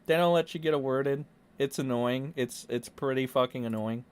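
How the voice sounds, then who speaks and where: A man's voice: mid-range voice, normal speed, clear, resonant tone. A young man ranting sarcastically as a casual online commentator, swearing freely. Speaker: YouTube commentator.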